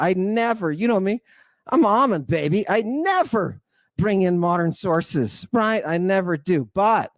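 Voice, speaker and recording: A man's voice: fairly high pitch, no room sound. Dry-sounding, exclamatory man lecturing. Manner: exclamatory, addresses listeners as "people". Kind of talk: theatrical lecture.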